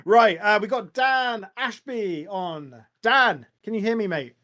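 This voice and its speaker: A man's voice: sits high, pushed and bright, dry recording, poor audio. An English man hosting a live fan call-in podcast, chatting in a rambling, self-interrupting way. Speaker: podcast host taking fan calls. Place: home setup, talking over a voice chat. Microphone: home microphone, sounded muffled at first.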